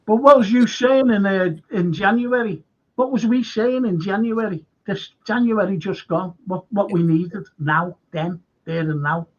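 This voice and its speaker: Fan-show host, raised pitch, gravelly, swears, muffled audio. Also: male voice, unhurried. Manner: anecdotal storyteller, swears freely. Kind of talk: casual fan show chat. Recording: dull lo-fi stream audio.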